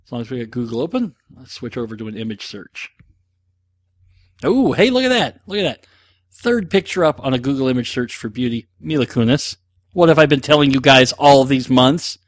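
A man's voice: medium pitch, expressive, fairly quick, no room sound. A man hosting a casual solo show, answering listener questions in a rambling, self-deprecating, joking way, with lots of ums and uhs. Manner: rambling, self-deprecating, jokey, with many fillers.

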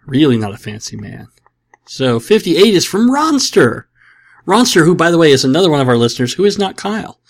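A man's voice: a little high, big pitch swings, fairly quick. A man hosting a podcast, answering listener questions in a casual, joking way with sarcastic asides and self-mockery. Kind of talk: casual comedic chat.

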